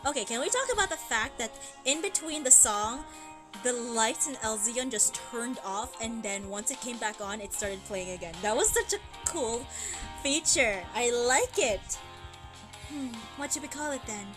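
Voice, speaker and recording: Woman streamer getting all emotional over a game, gushing and sighing, game music going loud behind her. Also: fairly high pitch, moderate pace. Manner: emotional, gushing, exclaims and sighs. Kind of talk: live stream commentary, reacting to a game. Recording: game music playing underneath.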